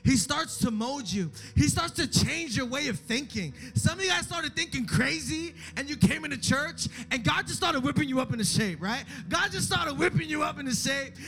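A man preaching a sermon as a youth pastor, fervent and casual, repeating phrases and swinging between hushed pleading and shouting. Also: very high-pitched, lively intonation, normal speed, few pauses. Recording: music playing under the voice.

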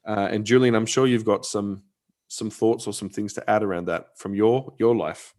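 A man's voice: lowish voice, fairly even intonation, moderate pace, darkish tone. A middle-aged man hosting a casual talk, telling a story in a chatty way with many restarts and fillers. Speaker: podcast host, former youth pastor.

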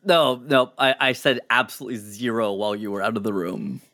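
A man's voice: medium pitch, fairly quick, a bit bright, dry recording, clean studio sound. A man guesting on a casual podcast interview, chatty and laughing, often restarting his sentences. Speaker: psychologist. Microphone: lapel mic.

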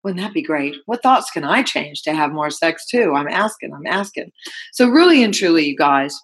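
A woman's voice: sits low, sing-song, normal speed, breathy edge, low-quality recording. A woman hosting a self-help podcast, giving a motivational monologue full of coaxing rhetorical questions. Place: Houston studio.

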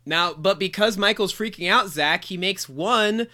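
A man's voice: high voice, pushed and bright. A young man from Chicago co-hosting a podcast, chatting and laughing easily while he recaps a TV episode. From Chicago area. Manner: quick to laugh, chatty, hands out agreement. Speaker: podcast co-host. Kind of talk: casual chat recapping a TV episode.

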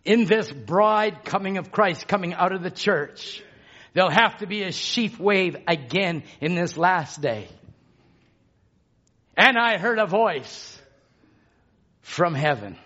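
A man delivers a sermon in a high, unhurried voice, leaning on repeated phrases. He drops to a hush and then rises to shouts. The recording sounds dull and lo-fi. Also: expressive. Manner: emphatic, swings from hushed to shouting. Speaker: preacher.

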